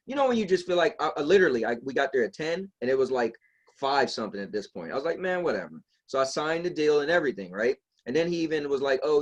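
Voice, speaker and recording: A man's voice: medium pitch, highs cut off. A man co-hosting a podcast, telling a long story in casual chat and acting out the people he quotes. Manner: animated, acts out quoted voices. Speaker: podcast co-host.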